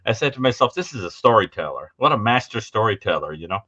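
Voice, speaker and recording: A man with a bright, crisp tone recalls an old memory with fond amusement, pausing to find his words. His voice comes through a dull, lo-fi remote connection. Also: on the low side, very animated. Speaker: podcast guest. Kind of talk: casual reminiscing chat.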